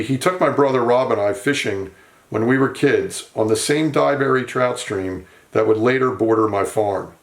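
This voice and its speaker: A man narrating a tribute, telling steady, fond stories about an old friend. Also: mid-range voice, reverberant.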